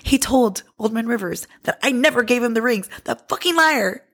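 A woman podcast host telling a personal story in a casual, candid, heavily profane way, animated and lively. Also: a little high, a little fast.

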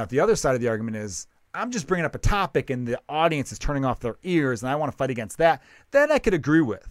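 A man's voice: mid-range voice, dry recording. Profane, rambling man on a dry mic. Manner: rambling, profane, self-interrupting. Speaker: comedian and podcast host. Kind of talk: casual podcast chat.

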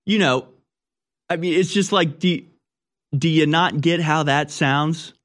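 A man's voice: a little high, slow pace, fairly bright tone. Sarcastic male talk radio host. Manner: sarcastic, mocking, trailing off mid-sentence. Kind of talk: opinionated commentary reading news.

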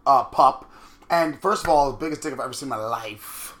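A man co-hosting a casual chat, telling animated stories and acting out what people said. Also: medium pitch. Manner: animated, quick storytelling with quoted asides. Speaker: podcast co-host.

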